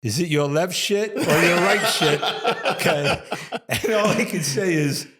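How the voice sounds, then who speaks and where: A man's voice: sits high, measured pace, slightly rough. Laughing older man telling a story. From New York. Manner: animated storyteller, laughs often mid-sentence. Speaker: guest, former athletic trainer. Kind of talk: casual storytelling interview.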